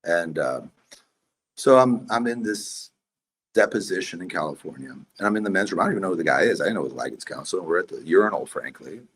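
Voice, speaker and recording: Brief intense male podcast guest, deep husky voice, rapid delivery. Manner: intense, animated storytelling. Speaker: guest, priest and investor. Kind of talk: podcast interview storytelling.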